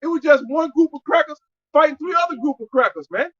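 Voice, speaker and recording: A man preaching loudly and profanely to a street audience, shouting in bursts. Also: extremely high pitch, fast, highs cut off.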